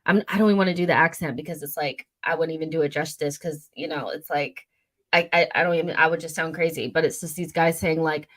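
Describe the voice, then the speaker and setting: A fast-talking young woman with a low, slightly bright voice runs a casual livestream for fans. She goes through viewer comments in a chatty, rambling way, heavy on fillers and self-corrections, speaking into a studio mic at her desk.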